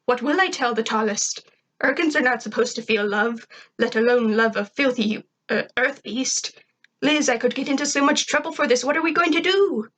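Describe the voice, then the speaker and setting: A woman's voice: a little high, moderate pace, fairly bright tone, pitched above the performer's own voice. A woman voicing a stern, proud male alien leader who gives blunt orders, in an amateur story reading. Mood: worried. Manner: blunt, commanding, speaks of himself grandly.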